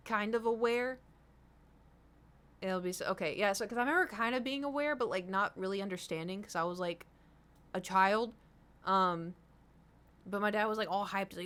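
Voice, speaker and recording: A woman's voice: medium pitch, a bit bright. A young woman streaming from home, chatting casually and rambling to her viewers, swearing now and then. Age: young adult.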